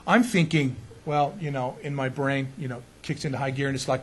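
Man, pastor, husky voice, storytelling sermon, self-mocking, animated. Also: medium pitch, fairly quick, few pauses. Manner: animated, self-mocking, rambling with many restarts.

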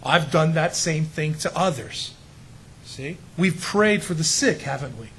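Middle-aged man, pastor preaching a sermon, high voice, emphatic and conversational, rhetorical questions, faint noise behind. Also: expressive, unhurried, a bit bright, poor audio.

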